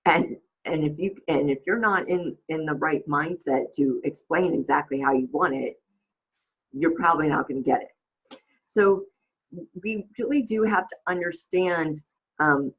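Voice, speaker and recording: Husky woman talking in a rambling way. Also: sits low, a little slow, pauses often, muffled recording. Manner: rambling, with many fillers and restarts. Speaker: host. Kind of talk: casual reflective monologue.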